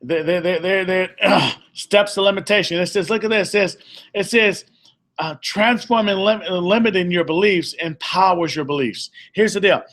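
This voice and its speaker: A man's voice: high voice, normal speed, fairly bright tone. A man leading a group session as a motivational speaker, emphatic and repetitive, restating his points and sometimes stumbling over words. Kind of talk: motivational talk to a live audience.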